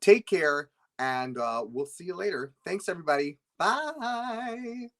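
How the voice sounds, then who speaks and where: A man hosting as a stage hypnotist, with a playful, coaxing delivery that jumps into excited exclamations. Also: fairly high pitch, moderate pace. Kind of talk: playful live hypnosis demo. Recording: roomy echo.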